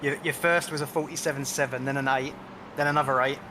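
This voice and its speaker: A man's voice: medium pitch, steady tone, fast talker, crowd noise. A man, easygoing and reassuring, talking with sim racing teammates in casual voice chat. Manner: easygoing, reassuring, says mate a lot.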